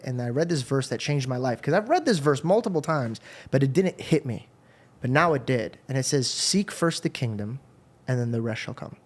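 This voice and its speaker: A man hosting a podcast, telling his faith story in an earnest, rambling way. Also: medium pitch. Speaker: podcast host. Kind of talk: casual faith conversation.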